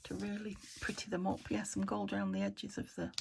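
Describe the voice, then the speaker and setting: A British woman hosting a crafting vlog from an upstairs room at home, rambling and talking to herself as she works, often trailing into soft murmurs. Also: mid-range voice, very animated, brisk, creaky. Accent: British English. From United Kingdom. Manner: rambling, talks to herself while working, drops into soft murmurs. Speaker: crafting channel host. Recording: home recording with noticeable background noise.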